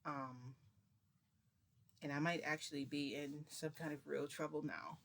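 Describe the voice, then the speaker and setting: A woman's voice: low-pitched, steady tone, a little slow, creaky, a bit bright. A woman vlogger telling a long casual story to her viewers, chatty and rambling, with many restarts.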